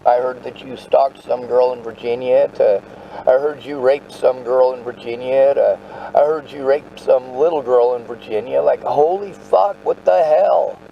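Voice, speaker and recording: A man's voice: medium pitch, unhurried, gravelly, muffled recording, a little hiss or hum. A man telling his story in casual conversation, agitated and profane, often restarting his sentences.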